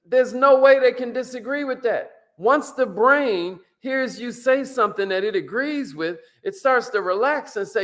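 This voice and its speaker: A man's voice: very high voice, animated, normal speed, hardly any pauses, fairly bright tone. A man coaching business owners on sales with an emphatic, preachy manner, acting out bits of dialogue. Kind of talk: motivational teaching talk.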